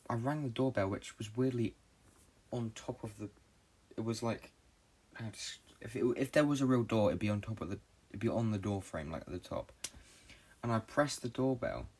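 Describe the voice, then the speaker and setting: A man's voice: on the low side, darkish tone. Rambling young man recounting a dream. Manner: fast, rambling, frequent swearing and fillers. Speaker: podcast host. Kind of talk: casual rambling storytelling.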